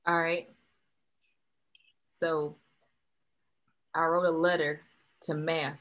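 A woman telling one-liner jokes on a comedy podcast, delivering them dry and deadpan. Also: low-pitched, extremely slow, poor audio.

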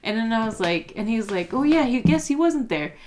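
A woman's voice: fairly high pitch, fairly quick, slight background noise. A woman co-hosting a casual podcast, telling a story and acting out what people said, with frequent restarts and swearing. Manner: animated storytelling, acting out quotes. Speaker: podcast co-host. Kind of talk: casual chat.

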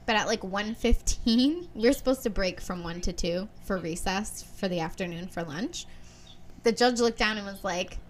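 Animated young woman telling stories. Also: mid-range voice, moderate pace, slight background noise. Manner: animated storyteller, acts out quotes, swears, laughs often. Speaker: podcast co-host. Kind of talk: casual chat, storytelling.

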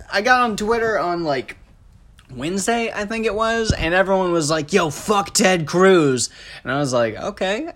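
A man's voice: medium pitch, fairly bright tone. A young man hosting a podcast alone, rambling, joking at his own expense and swearing freely. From American Midwest. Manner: rambling, self-deprecating, profane, with frequent laughs and fillers. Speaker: podcast host. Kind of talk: casual solo podcast monologue.

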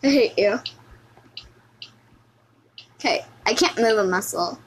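A woman giving lively, exclamatory commentary over her gameplay, often repeating words in a sing-song way. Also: a little high, slow pace, husky, poor audio. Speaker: gaming video host.

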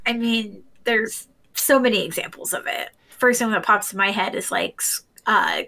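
Woman, podcast co-host, bright tone, casual chat, step-by-step explaining. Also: mid-range voice, moderate pace, vocal fry.

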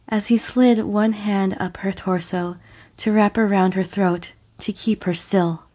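Slow, deliberate woman narrator. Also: mid-range voice, steady tone, darkish tone. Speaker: audiofic reader. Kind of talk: scripted audiobook narration.

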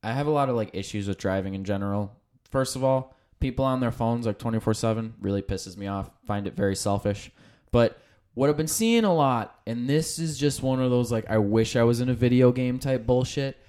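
A man's voice: medium pitch, brisk, a little mellow, smooth. Rambling, profane young man. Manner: rambling, profane, frequent restarts. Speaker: podcast host. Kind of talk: casual podcast chat.

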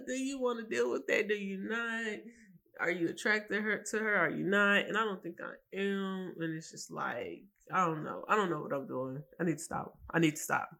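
A woman's voice: lowish voice, animated, normal speed, creaky, pushed and bright. A woman hosting her own podcast alone, tired and emotional, rambling and swearing with lots of restarts. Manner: rambling, profane, many restarts. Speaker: podcast host. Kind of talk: casual solo podcast rant.

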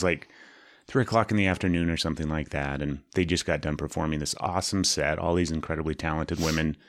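A man co-host chats easily, filling in the details of a shared story. His voice is extremely deep with a gravelly rasp, recorded dry with no room sound. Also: dry recording. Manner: supportive, fills in details. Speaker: podcast co-host. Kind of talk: casual chat.

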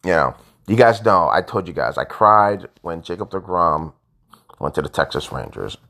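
Here a male sports vlogger rants in an animated, casual way, clearly fed up. His delivery moves at a moderate pace, alternating loud eruptions with muttered asides.

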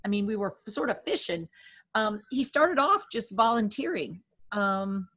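A woman co-hosting a care podcast, who talks in a lively way, thinks aloud and corrects herself as she goes. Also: mid-range voice, unhurried. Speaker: dementia care educator, co-host. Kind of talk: casual podcast chat.

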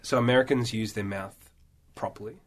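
A young man with an Australian accent talks in a relaxed, rambling way, often restarting mid-sentence. He sounds like a guest actor in casual chat, unhurried and easygoing. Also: lowish voice.

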